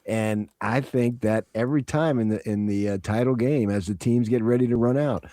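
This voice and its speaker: A man's voice: mid-range voice, moderate pace, no echo, clean studio sound. A man from New Jersey hosting sports radio, joking and riffing in casual talk. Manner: joking, animated, riffing with laughs.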